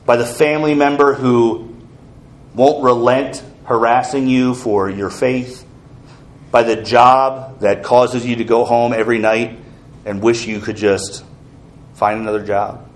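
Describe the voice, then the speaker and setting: A man's voice: mid-range voice, fairly even intonation, a little slow. A man preaching an earnest sermon as pastor, asking the congregation questions.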